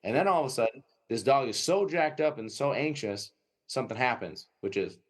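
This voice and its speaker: A man's voice: mid-range voice, fairly quick. A man talks shop as a dog trainer on a podcast, in a middle-range voice. He tells stories with energy and acts out the voices of dogs and owners. His speech is loose and casual, full of fillers and "right?" checks. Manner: animated storytelling, acting out dogs and owners; filler-heavy, frequent "right?" tags. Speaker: dog trainer and breeder, guest.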